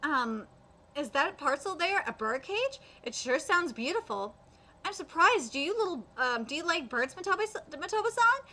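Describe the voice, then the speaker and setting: A woman reading the part of a gentle teenage boy aloud, with halting fillers and restarts. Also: sits high, big pitch swings, heavily acted. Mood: earnest. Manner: read aloud with hesitant fillers. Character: gentle teenage boy who sees spirits.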